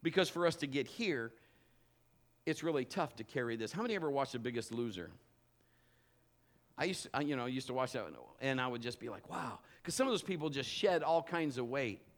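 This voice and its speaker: A man preaching a sermon as pastor, telling a humorous personal story in an animated way. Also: medium pitch, brisk.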